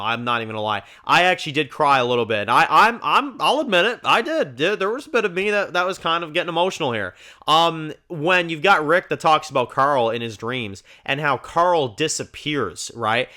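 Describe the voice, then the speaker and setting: A man hosting a TV review channel, recapping an episode in a casual, chatty, excitable way with lots of fillers. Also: mid-range voice. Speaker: TV review host.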